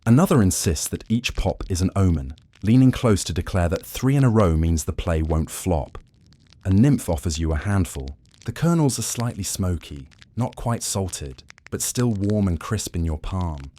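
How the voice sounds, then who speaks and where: A man narrating a sleepy bedtime history story in a slow, soothing, gently wry manner. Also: low voice, expressive.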